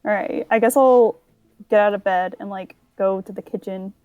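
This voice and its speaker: A woman's voice: mid-range voice, steady tone, moderate pace, smooth, dry recording, phone-quality sound, faint music behind. A woman playing a tabletop game, chatting casually and unsure with many fillers like "I guess". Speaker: player.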